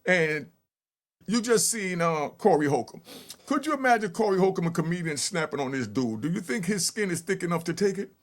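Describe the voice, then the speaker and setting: A man giving a lively storytelling commentary, acting out calls and yells. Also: high voice, a little fast. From New York. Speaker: commentary host. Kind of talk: animated street-talk commentary.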